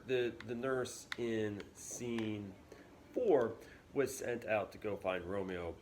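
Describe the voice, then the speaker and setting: A male teacher explaining a play in a relaxed, chatty way, with plenty of fillers. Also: medium pitch, slight background noise. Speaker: English teacher. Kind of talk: casual classroom video lesson.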